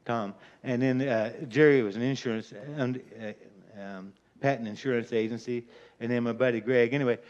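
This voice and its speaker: A man's voice: mid-range voice, normal speed, a little mellow. An older man telling a folksy, rambling prank story in casual talk, chuckling as he goes, on a dull lo-fi recording. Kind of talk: casual spoken anecdote.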